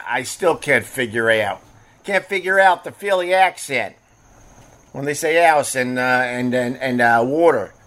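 Man, livestream host, casual rambling, blunt, profane, mid-pitched voice. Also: fairly bright tone. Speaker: livestream host reading chat.

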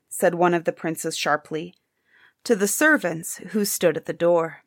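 Slow, measured woman reading a fairy tale. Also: on the low side, dry recording, clean studio sound. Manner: measured, expressive storybook reading. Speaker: storyteller.

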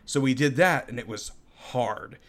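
A man's voice: mid-range voice, unhurried, a bit bright. Chatty man co-hosting a podcast. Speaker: podcast co-host. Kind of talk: casual chat.

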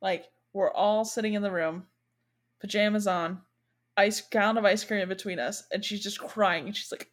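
A woman's voice: mid-range voice, normal speed. Chatty woman host. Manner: chatty, animated retelling with quoted voices. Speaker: podcast host. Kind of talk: casual chat.

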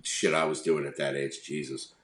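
A man's voice: rumbling low, little pitch movement, normal speed, a bit bright. Rambling, swearing man in an echoey room. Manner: rambling storyteller, swears freely, acts out voices. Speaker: podcast co-host. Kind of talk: casual chat.

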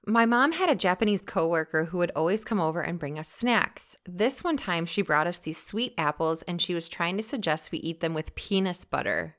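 Young adult woman co-host, lowish voice, playful casual storyteller. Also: expressive, a bit bright. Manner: playful, quick to laugh. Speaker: podcast co-host.

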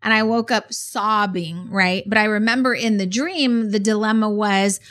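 Middle-aged woman, earnest storyteller, podcast co-host, medium pitch. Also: normal speed, a bit bright. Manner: earnest, tells personal stories. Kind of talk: conversational storytelling.

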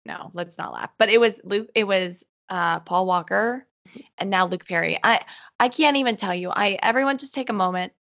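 A woman co-hosting a podcast in casual, excitable chat, her voice a little hoarse from illness, laughing often. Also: mid-range voice, moderate pace, highs cut off. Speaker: podcast co-host.

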